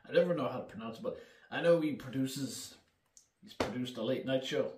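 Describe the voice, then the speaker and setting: A man's voice: mid-range voice, a little fast, noisy background. List: man, casual movie recap, swears a lot, chuckles, echoey room, mic at a distance. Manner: profane, laughing, rambling storyteller. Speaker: film reviewer.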